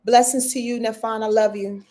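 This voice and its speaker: A woman hosting a live astrology forecast, her voice sitting a little high. She preaches with emphasis, repeats herself to drive points home and calls her viewers "y'all" with open affection. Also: little pitch movement, normal speed, mellow. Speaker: astrologer and show host.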